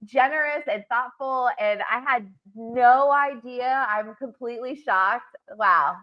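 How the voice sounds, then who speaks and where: A woman co-hosting a casual chat podcast, gushing and excitable, with a voice pitched a little high. The sound is slightly dull and muffled. She leans eagerly into every exchange. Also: slow pace. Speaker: podcast co-host.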